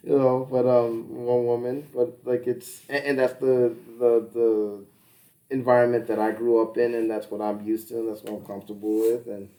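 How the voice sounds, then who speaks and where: A man's voice: medium pitch, measured pace, darkish tone, distant mic. Male podcast co-host, 30s, loose and profane, mimics others mid-story, recorded a bit off-mic. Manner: profane, rambling, laughs often, acts out little dialogues. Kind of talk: casual chat.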